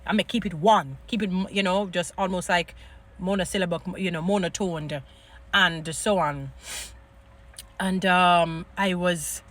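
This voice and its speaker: A woman's voice: fairly low pitch, steady tone, unhurried, a bit bright. A Jamaican woman giving an emphatic, rambling casual monologue to her viewers. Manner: rambling, emphatic, heaps praise, restarts and fillers. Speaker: vlogger.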